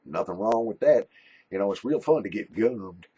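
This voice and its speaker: A man voicing a crude, dip-chewing redneck man in a put-on redneck drawl, boastful and loud. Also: on the low side, animated, normal speed, slightly rough, pitched above the performer's own voice. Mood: gleeful.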